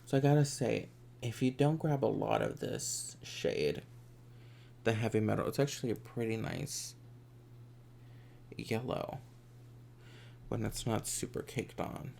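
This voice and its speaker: A man's voice: on the low side, animated, measured pace, creaky, pauses often, dark tone, a little hiss or hum. A man chatting through a makeup tutorial in a campy, sassy way, sometimes dropping into whispered asides. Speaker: makeup vlogger. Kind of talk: casual makeup tutorial chat.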